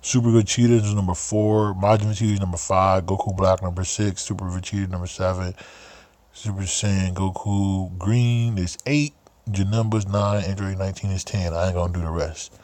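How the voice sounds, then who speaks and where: Casting: male game streamer, low-ish voice, loose profane chatter. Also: steady tone, moderate pace, darkish tone. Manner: laid-back slangy, profane and laughing a lot. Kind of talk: casual live-stream chat.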